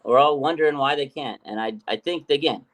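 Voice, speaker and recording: A man's voice: fairly high pitch, fairly quick, fairly bright tone. A man hosting a casual sports podcast, rambling through his points with lots of fillers. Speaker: podcast host.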